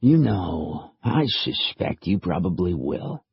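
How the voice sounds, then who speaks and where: A man voicing a calm, smooth-talking male interrogator who coaxes casually, in a dry, slightly dull audiobook recording. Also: low-pitched, takes it slowly, no room sound, heavily acted. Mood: coaxing. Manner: casual, coaxing.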